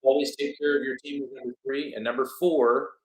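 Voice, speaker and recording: An easygoing man co-hosting a relaxed chat, often chiming in to agree. His voice is at a medium pitch for a man. The room sounds echoey and roomy. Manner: easygoing, quick agreeing interjections. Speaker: co-host. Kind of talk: casual podcast chat.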